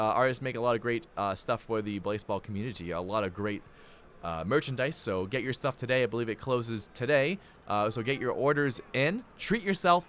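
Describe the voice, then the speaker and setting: A man hosting a live sports stream, signing off with excitable, hype-filled chatter and big swings in pitch. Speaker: play-by-play host.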